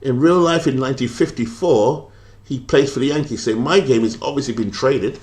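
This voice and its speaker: A British man talks through a sports management game on a live stream in a relaxed, rambling way. He thinks aloud, pauses on "uh" and "um," and reads out notes from his viewers. His voice sits at an ordinary, mid-range pitch for a man. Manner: chatty, thinks aloud, reads out viewer comments, many fillers. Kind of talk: casual live-stream commentary.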